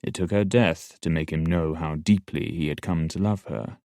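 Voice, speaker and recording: A man voicing an older male court assassin in an audiobook, speaking in a measured, quiet, slow way. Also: a bass voice, fairly even intonation, gravelly, no room sound, clean studio sound. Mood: grave. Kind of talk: audiobook dialogue.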